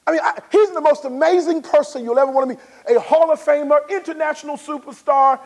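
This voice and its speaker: A man in his forties with a very high voice delivers a motivational talk at a conference. He tells stories with animation and often acts out the scenes. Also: expressive, a little fast, hardly any pauses, big-room sound. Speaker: motivational speaker. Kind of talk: motivational speech storytelling. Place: resort conference room.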